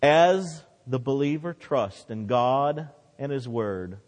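A man's voice: mid-range voice, lively intonation, takes it slowly, darkish tone, in a large hall. A man preaching a sermon with impassioned delivery, his voice rising and dropping for emphasis.

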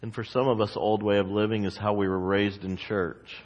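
A male pastor preaching a sermon with expressive delivery, rising to loud emphasis and dropping to slow, quiet asides. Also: lowish voice, muffled recording. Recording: long hall reverb.

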